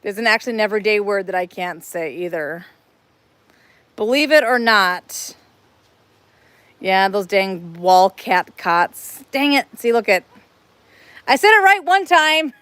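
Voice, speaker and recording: Woman, casual live-stream host, chatty, rambling, bit high voice, phone mic outdoors. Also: expressive, normal speed, pauses often, bright, forceful tone, no room sound. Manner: chatty, rambling, laughs easily. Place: outdoor cat playground at a sanctuary.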